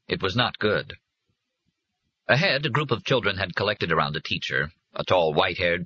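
A man reading a novel aloud as an audiobook narrator, in measured scripted narration. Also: deep voice, bright, forceful tone, slightly rough, no echo. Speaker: audiobook reader. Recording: dry, dull lo-fi recording.

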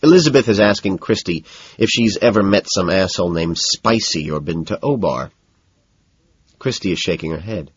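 A man narrating a novel in the first person with a flat, detached, matter-of-fact delivery, in a slightly muffled recording. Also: sits low, normal speed, slightly rough, no echo. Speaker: audiobook narrator.

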